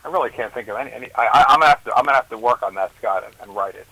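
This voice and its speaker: A man chatting on a radio show as a regular guest, rambling and restarting his sentences in quick bursts. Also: medium pitch, bright, forceful tone, husky, no room sound, poor audio. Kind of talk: casual on-air banter. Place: radio studio.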